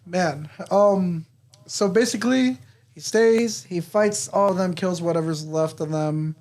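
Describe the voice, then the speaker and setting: A man's voice: high voice, a little slow, darkish tone. A man co-hosting a podcast, casually recapping a movie plot in a rambling way, swearing and laughing. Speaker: podcast co-host. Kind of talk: casual movie review chat.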